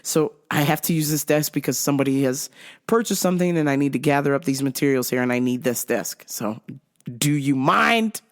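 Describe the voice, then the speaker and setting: A woman's voice: very deep voice, animated, fairly quick. A woman hosting a podcast, telling a story casually with plenty of swearing and acting out both sides of an argument. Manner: profane, exasperated retelling; acts out both sides of a quarrel. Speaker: podcast host.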